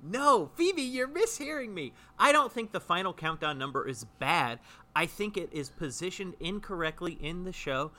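Bright, flustered improv performer. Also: mid-range voice, sing-song, moderate pace. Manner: flustered, backpedaling, over-explaining. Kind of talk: improvised comedy scene.

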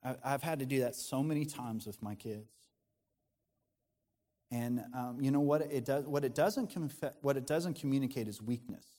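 A man's voice: medium pitch, moderate pace, mellow, long reverb tail. A man, a pastor, preaching a conversational sermon in an earnest tone, often restarting his sentences.

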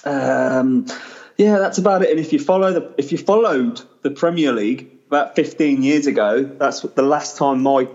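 A man's voice: mid-range voice, normal speed. Brief: guy in his thirties, easygoing storyteller, lo-fi muffled mic. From England. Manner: relaxed, rambling, self-deprecating. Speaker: podcast guest. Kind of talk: casual storytelling chat. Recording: dull lo-fi sound.

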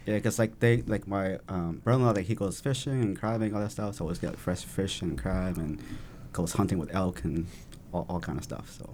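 Man, very deep voice, fast, casual rambling chat, faint background noise. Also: darkish tone. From family from southern Vietnam. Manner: rambling, many fillers and restarts.

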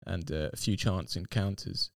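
A man telling his personal faith story in a reflective, unhurried conversation, with frequent fillers. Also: deep voice, creaky, no room sound, clean studio sound. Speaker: interview guest.

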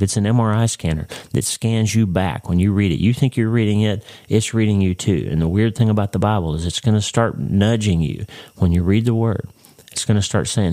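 Low, mellow-voiced man teaching scripture. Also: normal speed. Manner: conversational, earnest, asks the listener direct questions. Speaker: podcast host and Bible teacher. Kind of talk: devotional teaching.

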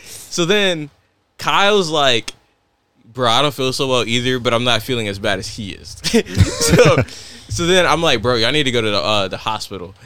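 A man's voice: medium pitch, moderate pace, clear, resonant tone, no echo. A young man co-hosting a podcast, telling stories in a casual, laughing way and acting out what others said. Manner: animated storyteller, laughs often, acts out quotes. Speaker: podcast co-host. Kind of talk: casual chat, storytelling.

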